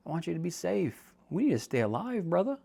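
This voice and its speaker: A man's voice: a little high, very animated, fairly quick, gravelly, mellow, husky, voice pushed up, heavily acted. A man voicing his own brain as a fretful, protective buddy who pleads with him to stay safe. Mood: worried.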